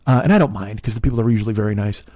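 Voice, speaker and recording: A comedian and podcast host in his forties delivers a profane, exasperated story monologue that swings into loud rants. His lowish voice races very fast, captured in a dry, studio-quality recording.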